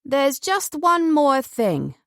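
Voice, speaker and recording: Woman voicing a jokey young holiday guy, lively, dry close read. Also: high-pitched, slow, dry recording, pitched above the performer's own voice, heavily acted. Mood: playful. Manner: joking, playful. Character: playful young man on holiday, joking.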